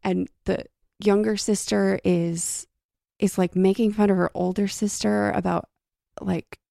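Brief: woman, low and very gravelly, dry close recording, casual book-club co-host. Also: flat delivery, unhurried, warm tone, no room sound. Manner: reads passages aloud, then chats loosely with fillers. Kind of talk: casual book chat with read-aloud passages.

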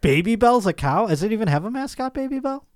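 A man's voice: high voice, sing-song, fast talker, no room sound, clean studio sound. A man hosting a casual comedic podcast, riffing with profanity and playful mock voices. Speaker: podcast host.

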